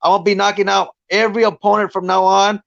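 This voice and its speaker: A man's voice: high-pitched, flat delivery, quick pace, gravelly, no room sound, lo-fi sound. A man, a guest fighter, chatting bluntly and profanely on a podcast, rambling through his points. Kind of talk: casual podcast chat.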